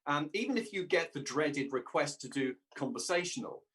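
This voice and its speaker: Halting man, slightly high voice. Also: lively intonation, a bit bright, slight background noise. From England. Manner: halting, many restarts and fillers. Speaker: guest voice actor. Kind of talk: casual interview chat.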